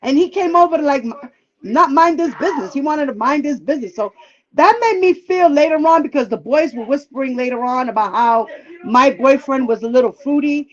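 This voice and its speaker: A livestream guest tells a personal story in a high, fairly quick voice over dull audio. She's casual, candid and profane, often acting out what people said.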